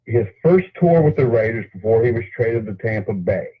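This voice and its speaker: Older male caller, friendly, husky voice over a tinny phone line. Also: on the low side, expressive, moderate pace.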